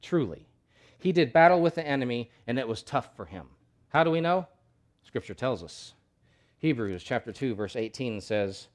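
A male pastor preaching a sermon, emphatic, asking rhetorical questions and swinging between loud and soft. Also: mid-range voice, big pitch swings, normal speed.

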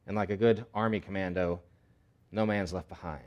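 Animated, conversational male preacher. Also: deep voice, normal speed, lo-fi sound. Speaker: pastor. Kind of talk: sermon.

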